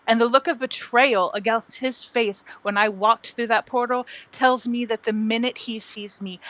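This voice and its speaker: A woman puts on a resentful young noblewoman who feels like an outcast. She speaks with bitter defiance in a put-on accent. The voice is bright and tense. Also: medium pitch, lightly acted, low-quality recording.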